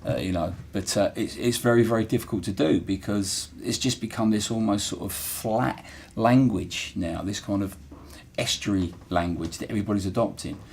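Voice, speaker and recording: There's vocal fry in this lowish, husky, slightly mellow voice, which moves at normal speed. The speaker, a middle-aged man from Portsmouth, England, who used to work at the dockyard, has a Portsmouth accent. In casual interview talk he is earnest and thoughtful, often using fillers and restarting sentences.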